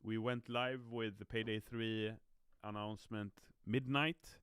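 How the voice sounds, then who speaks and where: A man's voice: fairly low pitch, steady tone, unhurried, fairly bright tone, smooth, no room sound, clean studio sound. Tired man chatting on a live stream. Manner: chatty, upbeat, promotional. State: tired, yawning. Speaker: game community manager. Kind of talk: live stream chat, reading viewer comments. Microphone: streaming mic.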